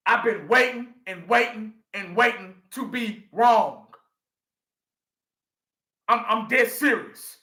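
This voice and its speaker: A man's voice: very high voice, sharp tone, roomy sound. A man in his forties, a sports fan vlogger ranting through a live reaction, swearing freely and repeating himself for emphasis.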